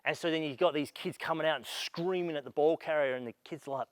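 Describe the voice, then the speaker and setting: A man coaching a basketball clinic, his voice sitting high for a man and recorded close and dry. He walks players through drills, calling out positions and stopping the action to explain. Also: quick pace, no room sound. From Australia. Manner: instructive, directing players on court; raises voice for emphasis and calls.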